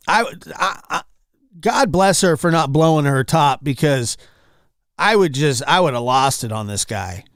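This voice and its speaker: Guy reacting to news clips, kinda high voice, keeps repeating himself, dead dry mic. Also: animated, measured pace, dry recording. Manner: exasperated, repetitive, swings loud and soft. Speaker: commentary channel host. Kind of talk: casual reaction commentary.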